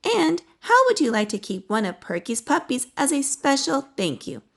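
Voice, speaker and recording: A woman's voice: high voice, very animated, moderate pace, gravelly, pitched above the performer's own voice, full character voice. A woman reading the lines of a doting, fussy grown-up lady who owns a pet dog in a children's storybook. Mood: grateful.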